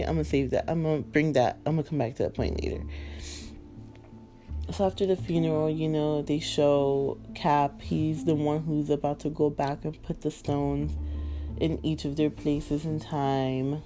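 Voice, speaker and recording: A woman's voice: low-pitched, moderate pace, warm tone, soft background music. A woman chatting casually and emotionally about a film, rambling with lots of fillers. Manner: rambling, filler-heavy, emotional, laughing through tears. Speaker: movie fan vlogger. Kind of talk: casual chat.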